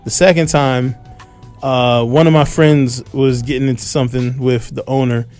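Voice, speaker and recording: A man hosting a radio talk show, telling a long story in a casual, animated way and acting out what people shouted, on a studio microphone. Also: medium pitch, normal speed, faint music behind.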